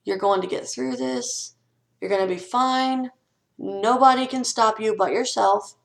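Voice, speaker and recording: Young woman, home vlogger, earnest and blunt, mid-pitched, casual rant. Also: a little slow, poor audio. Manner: earnest, ranting, frank with swearing. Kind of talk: casual vlog advice talk.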